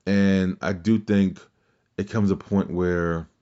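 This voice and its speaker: Slow-paced and steady, this man's low-pitched, mellow voice comes through dull audio. As host of a casual wrestling podcast, he meanders through his opinions, swearing liberally, starting sentences over, and parroting quotes.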